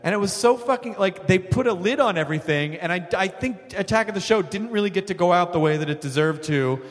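A man hosting a live podcast on a theater stage, telling stories in a loose, profane, animated way. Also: sits high, fast. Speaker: podcast host. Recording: theater reverb.

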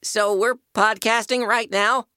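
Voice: mid-range voice, steady tone, measured pace, pushed and bright, clean tone, no room sound, clean studio sound, soft background music. A voice actor playing a sensible, patient male tomato co-hosting a cartoon podcast, mildly exasperated by his friend. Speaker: co-host.

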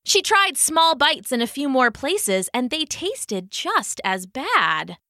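A woman reads a children's story aloud in a high, bright voice that rises and falls expressively. She takes her time over each sentence, and the sound is dry and close. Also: dry recording. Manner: expressive, unhurried reading.

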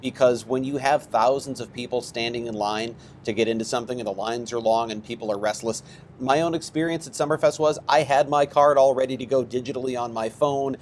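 A man's voice: mid-range voice, brisk, a little hiss or hum. A male co-host talking conversationally, rambling and restarting phrases. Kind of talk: casual news discussion.

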